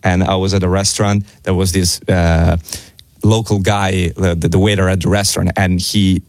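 A man with an Italian accent, a native Italian speaker, chatting as a radio guest, animated and laughing often. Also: deep voice, moderate pace, dry recording. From Italy. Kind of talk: casual radio chat.

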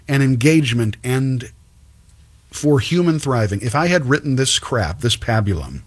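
A man's voice: mid-range voice, a bit bright, husky. A man hosting political commentary, reading an article aloud with sarcastic, scornful asides. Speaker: commentary host.

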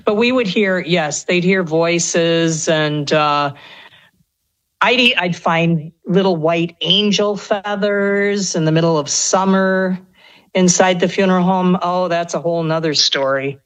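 Speaking slowly in a lowish voice over poor audio, a middle-aged female guest on a radio program rambles through her stories. She chats easily, laughing and starting over again and again.

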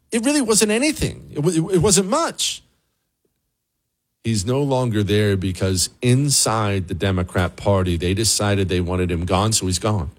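A male talk show host with a lively, swooping delivery. He runs a sarcastic political monologue and answers viewer questions as he goes. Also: lowish voice.

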